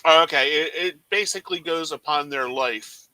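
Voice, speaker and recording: A man's voice: fairly high pitch, moderate pace, bright, forceful tone, no echo, poor audio. An American man from Philadelphia chatting casually about TV shows, hesitant and full of fillers. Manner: hesitant, filler-heavy recommending.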